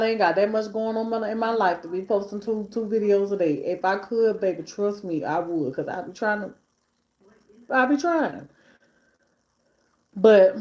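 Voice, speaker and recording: A woman's voice: mid-range voice, a little mellow. A woman hosting a live stream in casual chat, talking between bites while she eats and piling up repeated phrases for emphasis. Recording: echoey room.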